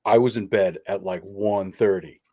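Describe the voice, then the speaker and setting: A man's voice: deep voice, moderate pace, dark tone, no echo. Laid-back male co-host, dry sound. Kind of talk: casual chat.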